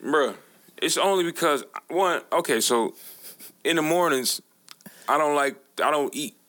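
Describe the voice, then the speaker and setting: A podcast co-host with a slightly high voice speaks unhurriedly, telling stories in casual chat. His storytelling is animated, full of slang and profanity.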